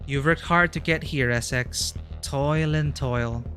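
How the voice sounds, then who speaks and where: A man voicing a calm, cold, mysterious interrogator who questions slowly and deliberately. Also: on the high side, faint music behind. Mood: solemn.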